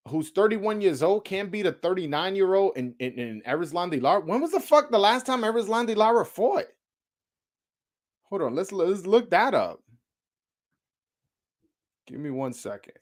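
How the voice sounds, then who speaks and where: A man's voice: high-pitched, sing-song, a little slow, pauses often. A man hosting his own show, giving a casual, profane opinion rant with rhetorical questions and many repeats. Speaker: boxing commentator, show host.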